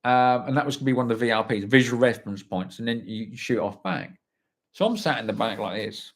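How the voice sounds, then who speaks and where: A man's voice: mid-range voice, fast talker. A man, telling a story on a livestream and reading out viewer comments, chatty and blunt, swearing freely. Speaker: livestream host.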